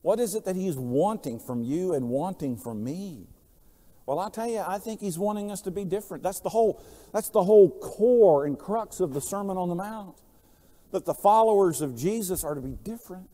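A man preaching a sermon, telling stories and swinging between quiet, low passages and loud, emphatic lines. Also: lively intonation, normal speed, big-room sound. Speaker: pastor.

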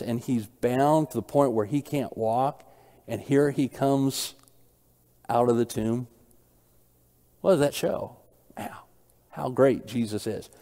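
A man's voice: medium pitch, dark tone, big-room sound. A man preaching an expository sermon, walking through scripture and asking the listeners rhetorical questions. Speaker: pastor.

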